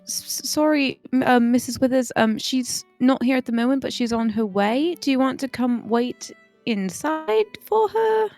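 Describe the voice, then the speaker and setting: A woman's voice: high voice, expressive, measured pace, a little mellow, faint music behind. A woman voicing an awkward young woman with a put-on accent who stammers politely. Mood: nervous polite.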